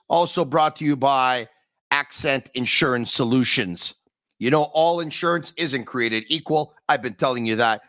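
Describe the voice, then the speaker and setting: A man's voice: high voice, fairly bright tone, no room sound. A man hosting a sports talk podcast, talking emphatically and repeating his points for effect. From Canada. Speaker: podcast host.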